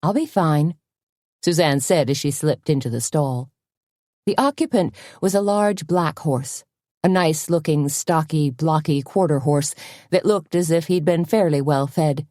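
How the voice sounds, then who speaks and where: A woman narrating a mystery audiobook in an even, measured way. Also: deep voice, no echo, studio quality. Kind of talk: scripted narration.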